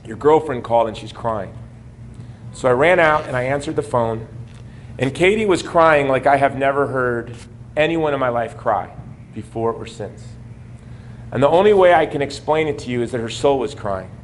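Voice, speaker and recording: A man's voice: medium pitch, normal speed, slight background noise. A man in his forties from the United States, giving a personal testimony speech at a gala, shifting from wry humor to earnest storytelling. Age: 40s. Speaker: gala speaker. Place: banquet hall.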